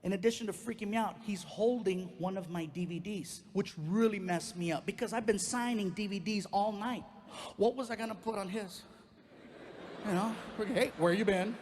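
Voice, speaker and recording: A middle-aged man doing stand-up storytelling on a comedy club stage, acting out the voices of people in his story. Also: moderate pace. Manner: animated, acts out quotes with big pitch jumps.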